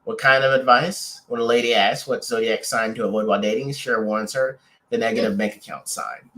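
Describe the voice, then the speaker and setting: A man co-hosts a casual couples podcast, his voice at an ordinary middle pitch. He rambles through restarts and fillers and teases his partner playfully. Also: fairly quick, sharp tone. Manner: playful teasing. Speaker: podcast co-host.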